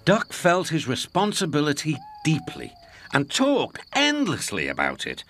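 A man narrating a children's cartoon in an animated storytelling manner. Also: a little high, measured pace, soft background music.

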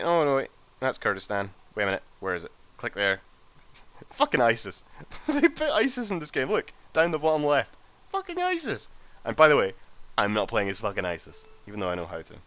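A man talking through a strategy game in a relaxed let's play, swearing freely and reacting to everything on screen. His voice sits fairly low but swings all over the place, and it has a bright, forceful edge. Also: fast talker, no echo. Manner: sweary, excitable, mutters to himself. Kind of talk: casual gameplay commentary.

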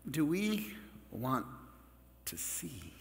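A man preaching a Catholic sermon in a relaxed, conversational way, with joking asides to the congregation. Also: on the high side, drawn-out words. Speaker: Catholic priest. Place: large church. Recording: long church reverb.

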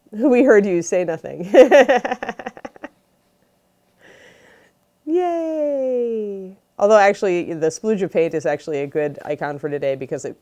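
A woman's voice: sits low, darkish tone. A woman casually hosting a livestream, chatting and greeting viewers by name. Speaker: host of a miniature painting livestream.

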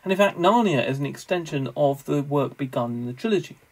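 Creaky-voiced man giving a lecture. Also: fairly high pitch, animated, darkish tone, low-quality recording. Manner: measured, scholarly, wry asides. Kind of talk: recorded theology lecture.

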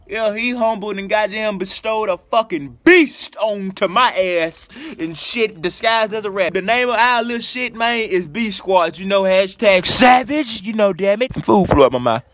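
A young man vlogging a comedic storytime, heavy on cursing and acting out his own inner voice in animated asides. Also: high voice. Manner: profane, animated, talks to himself in quoted asides.

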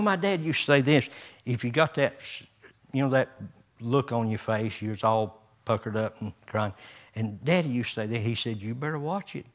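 An older man, a pastor preaching a folksy sermon with homespun stories, chuckles and rising emphasis. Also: mid-range voice.

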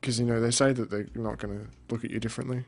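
A young man rambling through casual let's-play commentary, deadpan and cursing now and then. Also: mid-range voice, rapid-fire, gravelly, slight background noise. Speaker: gamer.

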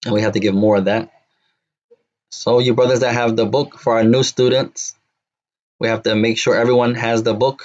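A man teaching an Arabic lesson, repeating words slowly and drilling phrases to his students. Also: medium pitch, level tone, darkish tone, lo-fi sound. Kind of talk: classroom lesson.

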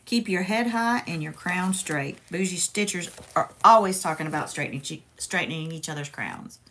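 A woman's voice: lowish voice, moderate pace, a bit bright. A woman hosts a casual crafting livestream, chatty and playful, talking straight to her viewers.

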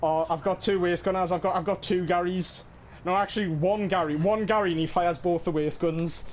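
A young man playing a flight combat game with friends, trash-talking loudly, laughing and yelping in excited banter. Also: sits high, a little fast, slight background noise. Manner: loud, laughing, trash-talking, yelps and shouts. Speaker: gamer streaming with friends.

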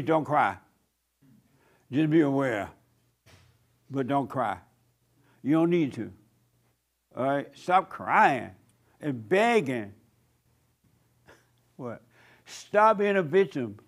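An older man preaching a sermon in a blunt, scolding tone. His speaking voice sits fairly high for a man. He mimics whining voices in a mocking way, then drops back into plain commands. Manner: blunt, preachy, acts out whiny voices of others. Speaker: pastor.

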